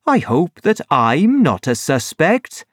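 Man voicing an eager doctor, higher voice, animated, storybook. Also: slow, no echo, clean studio sound. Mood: earnest. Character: earnest, eager male country doctor.

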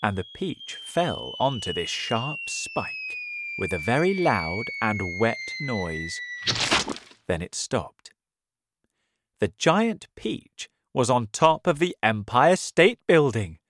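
A man reading a children's story aloud as a graded-reader narrator, clear and deliberate. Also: mid-range voice, wildly swooping pitch. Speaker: audiobook narrator.

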